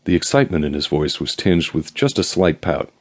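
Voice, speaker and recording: Deep voiced guy reading an audiobook, dry wry storytelling, husky sound. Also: very animated, brisk. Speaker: audiobook narrator. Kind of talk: scripted first-person narration.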